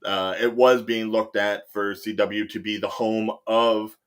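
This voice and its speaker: A man's voice: lowish voice, level tone, measured pace, clean tone. A man hosting a casual podcast chat, rambling through his points with many fillers. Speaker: host.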